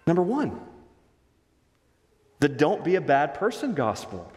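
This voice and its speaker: A man's voice: huge pitch swings, unhurried, a little mellow. Emphatic male pastor preaching in a hall. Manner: emphatic, varies pitch and pace for emphasis. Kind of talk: sermon. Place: church sanctuary. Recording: reverberant hall.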